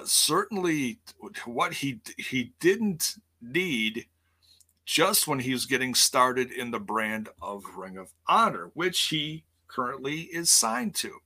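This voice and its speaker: On a casual live-streamed wrestling news show, a male host with a mid-range, sharp-toned voice rambles along, full of fillers, quick self-corrections and jokes.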